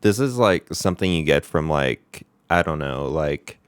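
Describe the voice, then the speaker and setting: A man's voice: very deep voice, lively intonation, normal speed, smooth, dry recording, clean studio sound. A man streaming his reactions to a reality show, blunt and incredulous, swearing casually.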